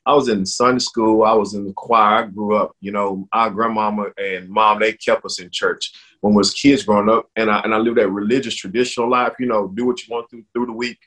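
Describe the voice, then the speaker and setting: A man sharing his personal faith testimony in an interview, speaking earnestly with halting restarts that grow more emotional. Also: on the low side, fairly even intonation, a bit bright.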